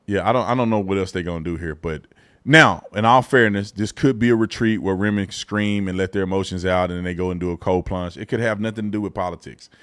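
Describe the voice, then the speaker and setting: A man's voice: low-pitched, fast talker, fairly bright tone, slight background noise. Blunt opinionated man hosting a show. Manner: loose casual phrasing with repeated restarts. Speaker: show host. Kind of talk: live political commentary show.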